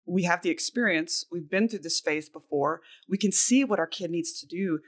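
A woman's voice: lowish voice, normal speed. Encouraging woman podcast host. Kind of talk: casual parenting podcast chat.

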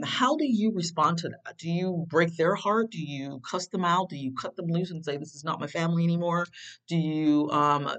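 A self-help speaker giving casual advice in a rambling, conversational way, full of fillers and restarts, with sudden jumps in pitch on questions. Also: fairly bright tone, poor audio.

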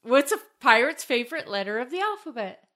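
A woman trades casual banter as a podcast co-host, teasing and laughing easily. Her voice is bright and sits a little high. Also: big pitch swings, a little fast.

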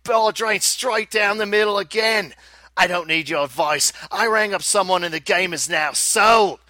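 Guy putting on a fed-up aussie pinball bloke, swearing, bright dry voice. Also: high-pitched, moderate pace, dry recording. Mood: ranting. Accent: put-on Australian. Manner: exasperated ranting, swearing. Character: ranting Australian male pinball owner. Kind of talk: reading a listener email aloud.

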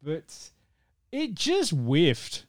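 A man hosting a podcast in casual chat, ranting with animated swearing and laughs. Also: fairly high pitch, extremely slow, no echo, clean studio sound. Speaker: podcast host.

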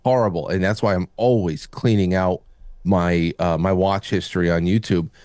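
A man co-hosts a casual talk show, stumbling and restarting his sentences. His voice sits slightly low. The recording is dry and close. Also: fairly even intonation, normal speed, darkish tone, no room sound. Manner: stammering, restarts often. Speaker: podcast co-host. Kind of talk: casual chat.

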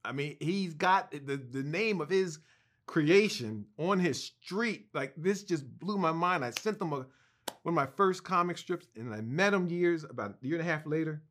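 A man being interviewed as a guest co-writer, telling an anecdote in an animated, excited way, with restarts and laughs. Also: on the high side, moderate pace.

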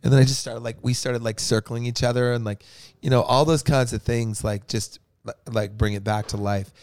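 A man's voice: medium pitch, fairly even intonation, a little fast, a little mellow, dry recording. A man from a touring band rambles through a casual backstage chat, joking and swearing as he circles back to his point. The sound is dry and close, with no room around him.

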